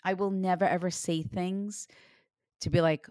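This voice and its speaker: A woman's voice: lowish voice, unhurried, no room sound, clean studio sound. A woman working as a psychic medium, giving a reading to a client in an earnest, reassuring way. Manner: earnest, reassuring, animated when retelling.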